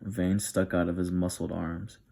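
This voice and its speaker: A man reading a novel aloud in a soft, steady ASMR style. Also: sits low, unhurried, creaky. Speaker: narrator.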